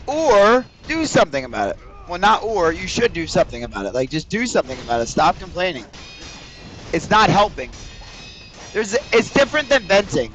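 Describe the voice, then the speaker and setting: Faint music plays behind a high-pitched, fairly bright male voice with big pitch swings and a brisk pace. He's streaming a video game, rambling profanely and talking directly to his viewers in casual chat.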